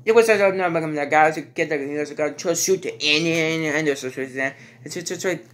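A man giving a casual, rambling movie review, halting and restarting his sentences and stringing thoughts together with "and then". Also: on the high side, a bit bright.

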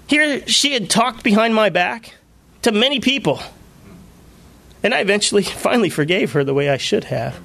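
A male pastor preaching a sermon, telling personal stories in an animated way and laughing often. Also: high voice, normal speed, gravelly. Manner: animated storytelling with frequent laughter.

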